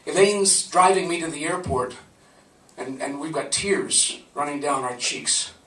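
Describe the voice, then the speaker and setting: His pitch is on the high side, his tone sharp and his pace measured as a man tells a personal story, conversational and laughing, to a live audience. A camcorder at a distance in the live event venue captured it, giving a roomy, faraway sound.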